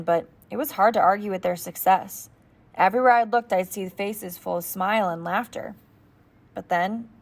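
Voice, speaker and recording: A woman narrating an audiobook steadily in the first person as a boy. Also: lowish voice.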